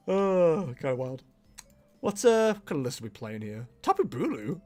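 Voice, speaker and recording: Lively young man streaming. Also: a little high, a little slow, long pauses, faint music behind. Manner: chatty, laughs often, self-mocking. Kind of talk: casual livestream chat while playing.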